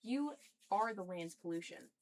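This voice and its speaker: A woman's voice: mid-range voice, expressive, measured pace, darkish tone, slight background noise, natural voice. Brief: blind elderly seer, stern and unshaken; a woman reading the part in her own voice, plain read-aloud. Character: blind old male prophet, stern and unyielding. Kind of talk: casual read-aloud of a play.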